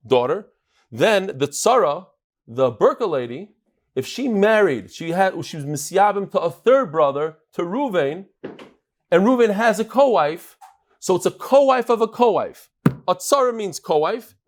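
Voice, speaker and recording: Lively man teaching a Talmud class. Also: a little high. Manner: animated, joking, explains with a chart and laser pointer. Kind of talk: daily Talmud class lecture.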